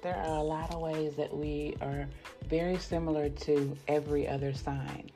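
A woman hosts a casual spiritual podcast in a low, warm voice with little pitch movement, at a moderate pace over soft background music. She talks chattily and informally to her listeners, addressing them directly and often checking in with "right?"

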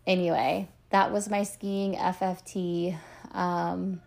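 A woman's voice: medium pitch, fairly even intonation, normal speed, vocal fry, darkish tone. A woman in her thirties hosting a podcast, telling stories in a chatty, self-deprecating way with lots of fillers. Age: 30s. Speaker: podcast host and coach. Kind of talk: casual chat.

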